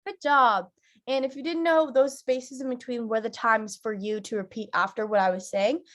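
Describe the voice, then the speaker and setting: Higher-voiced woman leading theatre warm-ups. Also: steady tone, moderate pace, slight background noise. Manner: leads rhythmic nonsense-syllable chants; addresses young students directly. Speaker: theatre teacher. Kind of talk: online warm-up lesson.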